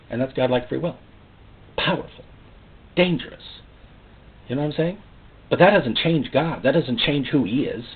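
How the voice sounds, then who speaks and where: A man preaching a sermon in an animated way, often acting out God's voice and the people he quotes. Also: medium pitch, breathy edge. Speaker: pastor. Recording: phone-like narrow sound.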